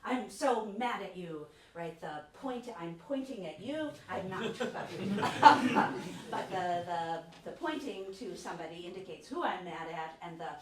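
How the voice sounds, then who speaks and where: A woman's voice: lowish voice, lively intonation, unhurried, hardly any pauses. A woman researcher giving an academic lecture in a conversational way, with fillers and self-corrections. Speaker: autism researcher giving a talk. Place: lecture room, hybrid session with remote viewers. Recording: roomy, distant lecture-hall sound with faint ambience.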